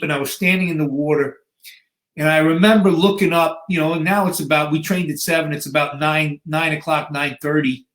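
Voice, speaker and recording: A man in his fifties tells a story with flair, acting out each scene as he goes. His voice sits a little high for a man. The room gives it a noticeable echo. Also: fairly bright tone. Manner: vivid, dramatic storyteller who acts out scenes. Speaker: guest, bodybuilder and fitness coach. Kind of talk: storytelling in an interview. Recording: echoey room.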